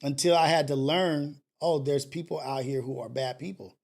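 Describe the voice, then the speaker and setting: A man hosting a live call-in stream, talking casually and preachily, swinging between loud scolding and low murmurs. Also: normal speed. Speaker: host of a live call-in show.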